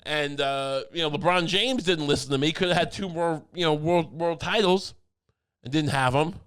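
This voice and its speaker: A man's voice: a little high, normal speed, fairly bright tone, clear, resonant tone. A young man hosting a podcast, rambling through a mock-conspiratorial comedy monologue with lots of restarts. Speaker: podcast host.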